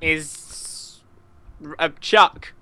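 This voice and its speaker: Jokey gamer with a bright voice. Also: extremely slow. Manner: jokey, teasing. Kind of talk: casual gaming chat.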